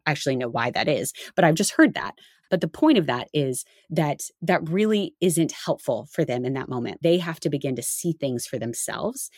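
A woman's voice: no echo, clean studio sound. A woman co-hosting a faith-based parenting podcast, talking casually and acting out what parents say. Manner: animated, acts out quoted parents in higher voice. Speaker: podcast co-host.

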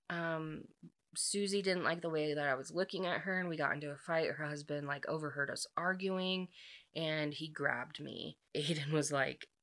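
A woman's voice: low voice, a bit bright. A woman casually retelling a story's plot, chatty and full of fillers, briefly acting out the characters' lines. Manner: chatty, filler-heavy, acts out quoted dialogue.

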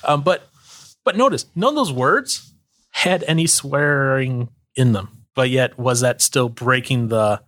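A man's voice: medium pitch, a little slow, a bit bright. A man co-hosting a casual faith podcast, talking in a loose, rambling way with fillers and quoted asides. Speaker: podcast co-host. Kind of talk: casual chat about faith.

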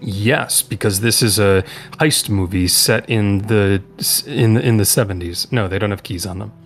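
Low-voiced man running a tabletop game. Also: soft background music. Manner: loose, halting narration full of fillers. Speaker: game master. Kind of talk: narrating a tabletop role-playing game.

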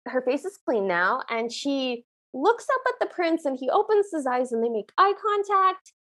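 Animated high-voiced woman retelling a film. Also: moderate pace. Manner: animated storytelling, acts out the characters' lines. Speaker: podcast co-host. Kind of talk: casual movie recap chat.

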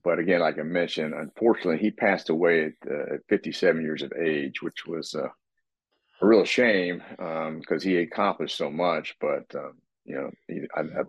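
A man with a very deep, husky voice talks in a relaxed, rambling way, often restarting his sentences as he explains things. The sound is dry and a bit dull, like a lo-fi recording. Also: normal speed, no echo. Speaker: co-host, fitness expert. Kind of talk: casual podcast chat.

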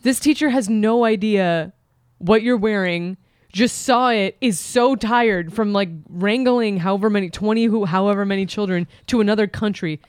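A woman co-hosting a podcast, chatting in a teasing, playful way and pushing her partner to play along. Her voice sits in a middle pitch, recorded dry with no room sound. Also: normal speed, a little mellow, clean tone, dry recording. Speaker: podcast co-host. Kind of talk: casual comedic chat.

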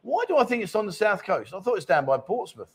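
A man's voice: high voice, big pitch swings, fast talker, husky. A man in his fifties hosting a live chat show, joking and teasing guests and viewers in casual banter. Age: 50s.

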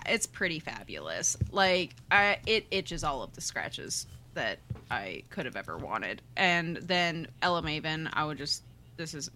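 Bright-voiced gushing woman podcaster. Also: low voice, slight background noise. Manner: gushing, laughs often. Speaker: podcast co-host. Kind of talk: casual chat.

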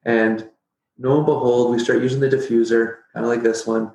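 A middle-aged man telling a personal story as a podcast guest, animated and jokey, acting out his own past reactions. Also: mid-range voice, brisk, a little hiss or hum. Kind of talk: casual storytelling interview. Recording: roomy echo.

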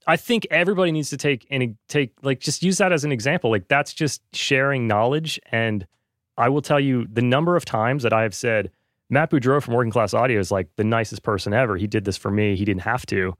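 A man's voice: mid-range voice, brisk, fairly bright tone, dry recording, clean studio sound. A man in casual podcast conversation, talking earnestly with lots of fillers. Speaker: podcast host, guest.

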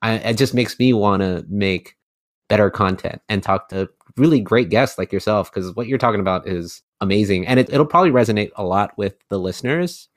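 A man's voice: fairly low pitch, fairly quick, dry recording, studio quality. A man hosting a podcast, chatting casually and supportively with a guest, laughing easily and rambling loosely. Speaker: podcast host. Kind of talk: casual interview chat.

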